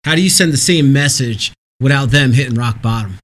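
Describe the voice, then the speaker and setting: A male podcast host agrees warmly with his guest, then poses a thoughtful question. His voice has a plain, middle pitch and a steady conversational pace. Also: brisk. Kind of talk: interview questions.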